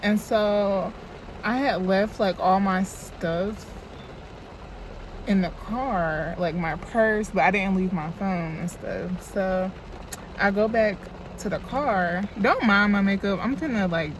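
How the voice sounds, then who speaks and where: A woman's voice: medium pitch, takes it slowly, a little hiss or hum. A young woman, telling a storytime in a loose, chatty, profane way into a phone camera while doing her makeup. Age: young adult. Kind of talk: casual storytime vlog.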